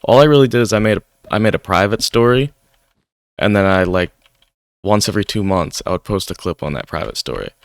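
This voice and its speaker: Young man, smooth clear voice, casual gaming chat, rambly. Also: on the low side, expressive, brisk, dry recording. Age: young adult. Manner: rambling, heavy use of "like". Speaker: gaming YouTuber. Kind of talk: casual gameplay commentary. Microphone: desk microphone.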